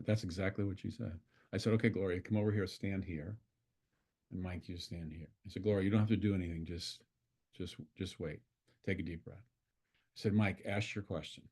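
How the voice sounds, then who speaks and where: A man, a constellation facilitator, telling a story in a relaxed, conversational way and acting out the dialogue. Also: low-pitched, normal speed, long pauses, slightly rough. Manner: conversational, acts out dialogue with swearing quotes. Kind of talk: storytelling in an online talk.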